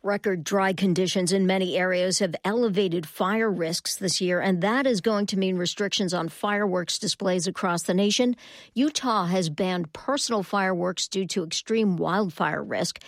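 A woman newscaster reading the news in a crisp, even way. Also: mid-range voice, normal speed, no room sound.

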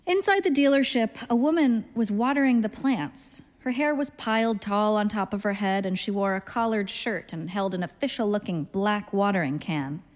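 A woman in her thirties reads her story in a dry, deadpan voice at a medium pitch. Her delivery stays understated and wry. A long reverb hangs around her, as if read in a hall. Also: moderate pace, few pauses. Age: 30s. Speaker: narrator, reader. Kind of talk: literary story reading.

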